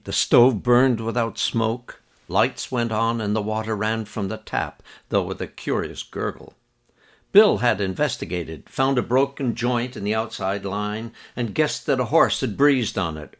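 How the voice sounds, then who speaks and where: A man narrating a memoir in an even, measured storytelling manner. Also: lowish voice. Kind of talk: reading a memoir aloud.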